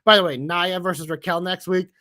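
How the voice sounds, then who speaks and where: A co-host of a wrestling podcast, chatty and quick to laugh, in casual chat. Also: mid-range voice, steady tone, background noise. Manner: chatty, laughs easily, swears.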